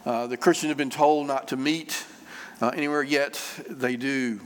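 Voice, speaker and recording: A man preaching a sermon in an easy, conversational way, stopping on fillers and going back over his phrases. His voice sits at an ordinary middle pitch. A long reverb hangs after each phrase, the sound of a church hall. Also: steady tone, normal speed, a little hiss or hum. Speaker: pastor.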